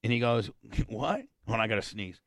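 A man's voice: on the low side, fairly even intonation, a little fast, fairly bright tone, no room sound. Male host, crude rambling storyteller, dry close-miked voice. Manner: crude, rambling, many restarts. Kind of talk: casual chat, storytelling.

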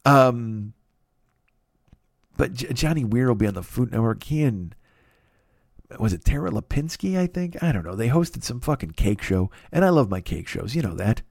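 A man at a middling pitch rambles through a profane, sarcastic rant, swearing often and breaking into goofy put-on voices. He restarts his sentences constantly. The recording is close and dry, with no room sound. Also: big pitch swings, moderate pace, gravelly, darkish tone, no echo. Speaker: podcast host.

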